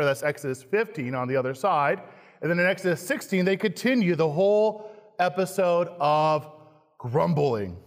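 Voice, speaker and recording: A man, a pastor, preaching a sermon slowly and emphatically, acting out quoted lines with dramatic stress. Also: on the high side. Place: church sanctuary. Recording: long hall reverb, church sanctuary.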